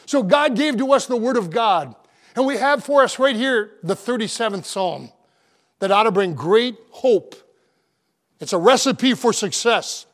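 A man's voice: sits high, expressive, unhurried, fairly bright tone. A man preaching a sermon in a church auditorium, folksy and earnest, after an opening prayer. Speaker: pastor.

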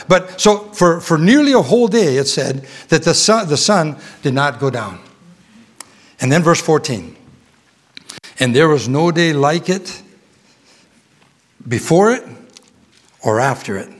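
Speaking in a mid-range voice, a middle-aged preacher halts and restarts, filling pauses, before his sermon swells with fervent emphasis.

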